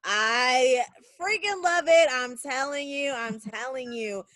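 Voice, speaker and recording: A woman's voice: sits high, slow, a bit bright, dry recording. A woman hosting a podcast over a video call, effusive and enthusiastic, repeating phrases for emphasis. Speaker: podcast host. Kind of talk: casual video-call interview.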